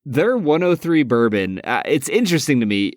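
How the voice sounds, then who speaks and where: A man's voice: mid-range voice, sing-song, normal speed, no echo, clean studio sound. A man co-hosting a casual podcast, talking enthusiastically and laughing often. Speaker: podcast co-host. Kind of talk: casual chat.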